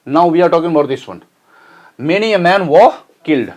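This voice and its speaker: A man with a fairly high voice gives an exam-prep grammar lesson. He explains each point step by step, repeating phrases and asking "okay?" to check in. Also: animated, brisk, darkish tone. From Nepal. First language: Nepali. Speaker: English teacher.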